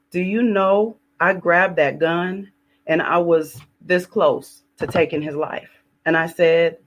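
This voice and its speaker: A woman's voice: fairly low pitch, fairly even intonation, slow, dull audio. A woman relates a personal testimony with heavy emotion. She repeats phrases for weight and acts out her own pleas and prayers as she goes. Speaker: guest sharing her testimony.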